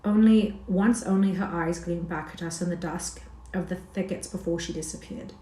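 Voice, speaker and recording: A woman reading a classic novel aloud in a steady, measured narration. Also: fairly low pitch, a little hiss or hum. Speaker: audiobook reader. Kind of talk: scripted narration. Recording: roomy echo.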